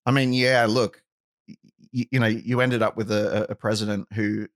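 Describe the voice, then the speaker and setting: A man's voice: on the low side, flat delivery, normal speed, dry recording, studio quality. A man hosting a casual podcast conversation, rambling and often checking in with "right?". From outside the US. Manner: rambling, with frequent "right?" asides.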